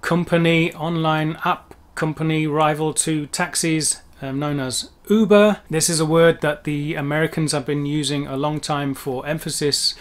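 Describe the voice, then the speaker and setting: A man's voice: a little high, flat delivery, normal speed, few pauses, a bit bright. A man explaining word pronunciations as a language teacher, careful and wordy with frequent asides. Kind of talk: educational explainer.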